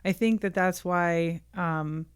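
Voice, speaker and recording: A woman co-hosting a podcast, supportive and quick to agree. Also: on the low side, fairly even intonation, clear, resonant tone. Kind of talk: casual podcast chat.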